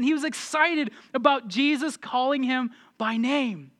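A man preaching a sermon as pastor, energetic and animated, swinging between loud excited passages and quiet asides. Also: very high voice, a little slow, hardly any pauses.

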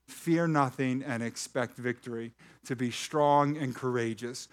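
A male pastor preaches to his congregation, his voice sitting at an ordinary middle pitch. He reads scripture passages aloud and breaks off to tease people in the room. His delivery is lively and conversational. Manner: animated preaching with jokes to the congregation. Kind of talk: sermon. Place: church hall with a live congregation.

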